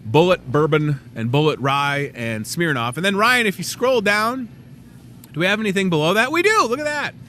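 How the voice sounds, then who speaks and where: A man's voice: high voice, expressive, moderate pace, sharp tone, slight background noise. A man hosting a casual store talk show, running through weekly deals with goofy, self-mocking chatter. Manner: goofy and chatty, jokes at himself.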